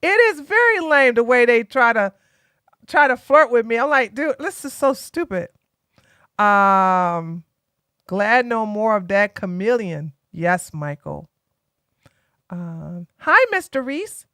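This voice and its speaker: A woman's voice: fairly high pitch, sing-song, takes it slowly, fairly bright tone, no echo, clean studio sound. A tired woman from Georgia, hosting a casual political live stream and talking bluntly to her chat. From Georgia, USA. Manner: blunt, sassy, talks straight to chat.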